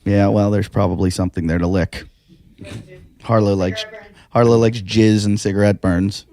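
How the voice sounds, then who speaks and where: A man's voice: fairly low pitch, normal speed. A man co-hosting a podcast, telling stories in casual chat and acting out the quotes with lots of swearing. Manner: animated, swearing, acts out quotes. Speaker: podcast co-host.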